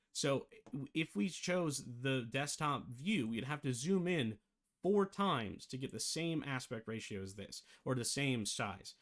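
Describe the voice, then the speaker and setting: A game development tutor talks through a casual screen-share software tutorial, rambling and thinking aloud as he catches and corrects his own slips. His pitch is an ordinary middle range, and he has the hiccups.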